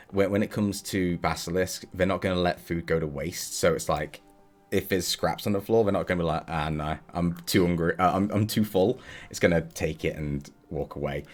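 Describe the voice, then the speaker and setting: A man narrating as game master of a tabletop game in a casual, rambling way. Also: low-pitched. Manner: casual, rambling, with fillers and chuckles.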